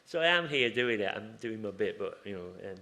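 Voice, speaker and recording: A man's voice: on the low side, animated, fairly quick, pushed and bright. A man giving an informal conference talk, chatty and rambling, breaking off into asides and restarting his sentences. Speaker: conference speaker. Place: conference room.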